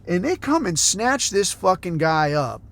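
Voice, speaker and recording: A man's voice: sits high, sing-song, measured pace, vocal fry, fairly bright tone. A man from the United States, hosting a podcast and ranting in a heated, profane, sarcastic way. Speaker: podcast host.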